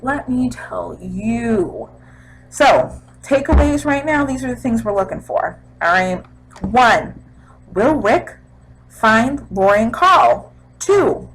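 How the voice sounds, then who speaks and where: Animated young woman recapping a show. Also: fairly high pitch, rough recording. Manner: animated, sound effects and quoted voices. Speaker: vlogger recapping a TV episode. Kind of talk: casual chat.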